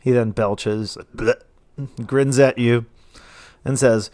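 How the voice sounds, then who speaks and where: A man's voice: medium pitch, fairly even intonation, slow, a little mellow, no echo. Male game master, easygoing filler-heavy narration, dry recording.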